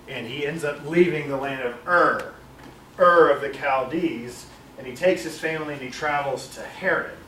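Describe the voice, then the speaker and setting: A man's voice: mid-range voice, a bit bright. A man teaches a Bible study class, wandering through his points with many fillers and self-corrections. He is heard from some distance in a roomy, echoing space, with a faint hum behind him. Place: classroom with a large screen. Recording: echoey room, far from mic.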